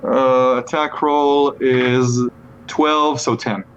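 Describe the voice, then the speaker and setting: A man's voice: mid-range voice, steady tone, extremely slow, highs cut off, slight background noise. A man playing a tabletop game, joking and mock-indignant. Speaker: player.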